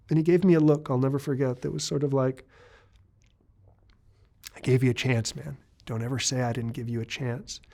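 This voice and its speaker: A man's voice: mid-range voice, a little mellow. A man in his forties, an interview guest, telling his story in a candid, confessional way, with some stammered restarts. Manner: earnest, confessional, occasional restarts.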